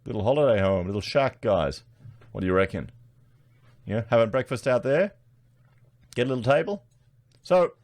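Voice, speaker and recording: A man's voice: on the low side, no room sound. A man with an Australian accent giving blunt, casual commentary to his online viewers, often calling them guys. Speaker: political commentary YouTuber.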